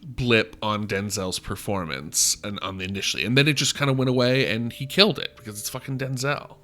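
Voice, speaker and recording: A man's voice: mid-range voice, brisk, pushed and bright. A man co-hosting a movie podcast, talking emphatically in casual chat, swearing and laughing often. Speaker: podcast co-host. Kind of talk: casual film discussion.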